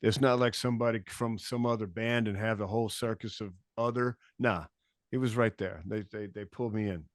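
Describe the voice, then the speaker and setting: Low-pitched laid-back male guest, rambling musician stories, dry close sound. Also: steady tone, a little fast, no echo. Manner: laid-back storytelling, frequent restarts and swearing. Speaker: podcast guest, touring musician. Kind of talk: casual interview chat.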